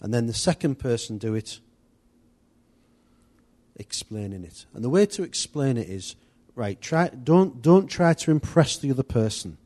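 A man leads a church group in a loose, conversational teaching style. His voice is mellow and warm, and he rambles with asides and restarts as he gives instructions. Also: medium pitch, lively intonation, moderate pace. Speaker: church leader.

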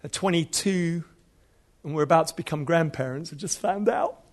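A man's voice: a little high, normal speed. A man in his fifties, a preacher telling stories in a sermon with humor and animation. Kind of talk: storytelling sermon.

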